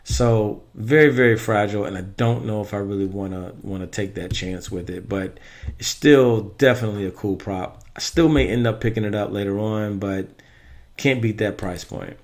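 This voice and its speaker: A man casually giving his opinions on Halloween animatronics in a rambling vlog, correcting himself as he goes. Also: on the low side. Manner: chatty, rambling with self-corrections. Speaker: Halloween prop reviewer.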